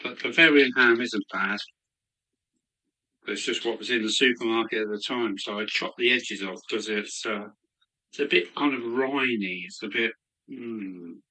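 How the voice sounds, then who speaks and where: A man's voice: fairly low pitch, sharp tone. A man hosting a casual live stream from his hobby room, chatting and greeting viewers by name while snacking. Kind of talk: casual chat while eating.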